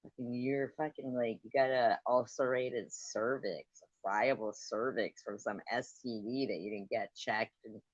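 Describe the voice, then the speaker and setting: Brief: mid-pitched woman, combative and profane, dry muffled sound. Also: fairly even intonation, unhurried, hardly any pauses, no echo. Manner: combative, swearing, demanding. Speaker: livestreamer. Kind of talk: heated online argument.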